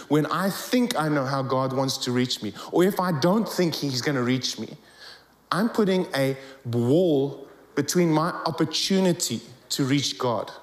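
A man preaching in a church, telling stories with rising emphasis. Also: fairly high pitch. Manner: animated storytelling, rising emphasis. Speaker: guest preacher. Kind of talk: sermon. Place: church hall. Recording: echoey church hall.

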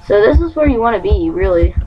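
A woman giving live gameplay commentary, chatty and excitable, breaking into gleeful sound effects and sing-song noises. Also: fairly high pitch. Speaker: gamer. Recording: lo-fi recording with faint hum.

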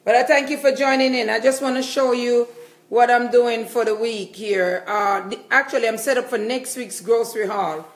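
A woman's voice: fairly high pitch, normal speed. Chatty woman showing a grocery haul. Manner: chatty, repetitive, enthusiastic. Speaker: vlogger. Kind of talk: casual grocery haul vlog.

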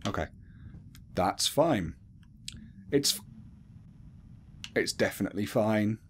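A man's voice: lowish voice, animated, slow pace, a little hiss or hum. Jumpy man narrating a horror game. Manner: jumpy, swears, talks to himself while playing. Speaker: gaming video creator.

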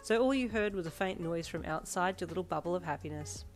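A woman reading a second-person fanfiction story aloud in an expressive narrating voice. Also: on the low side, fast. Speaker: fanfiction reader. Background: soft backing music.

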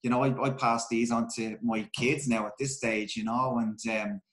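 Middle-aged Irish ex-footballer, candid and sweary, mid-pitched, echoey room. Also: male voice, fairly even intonation, normal speed, fairly bright tone. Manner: candid, swears freely, many restarts and fillers. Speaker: guest, former footballer. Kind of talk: casual storytelling interview. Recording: roomy echo.

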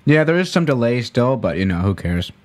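Very animated and a little fast, this medium-pitched man chats on a live stream as he flies in a flight simulator. He rambles in a laid-back way, often correcting himself mid-thought.

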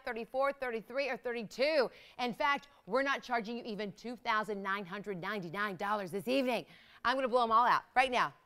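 A woman hosting live jewelry sales, talking in fast, excited hard-sell patter. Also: high-pitched, smooth. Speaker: shopping channel host.

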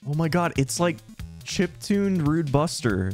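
A man's voice: fairly high pitch, sing-song, unhurried, darkish tone, faint music behind. A young man hosting a gaming video, giving casual, self-mocking commentary with swearing. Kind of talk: casual let's play commentary.

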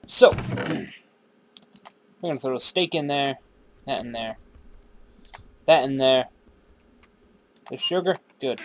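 Over a noisy background, a medium-pitched man runs his own game series, commenting casually and rambling. He swears without restraint, talks back to the characters, and wanders into assorted put-on accents.

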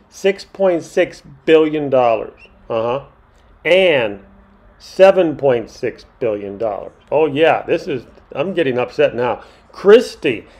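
A man's voice: on the high side, darkish tone. Indignant man ranting to camera. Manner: indignant, ranting, repeats himself for emphasis. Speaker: vlogger. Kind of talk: monologue to camera.

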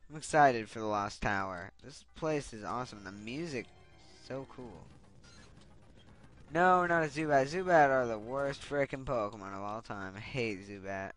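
A man's voice: mid-range voice, normal speed, a bit bright. A young man giving casual gameplay commentary, getting frustrated and swearing as he rants. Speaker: Let's Play commentator. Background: game music.

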